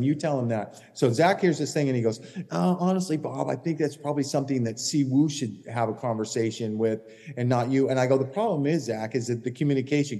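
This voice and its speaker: A man's voice: medium pitch, dark tone, big-room sound. A man co-hosting a podcast, telling a heated caddie story in blunt, profane casual chat. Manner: blunt, heated, swears constantly. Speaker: podcast co-host, former tour caddie.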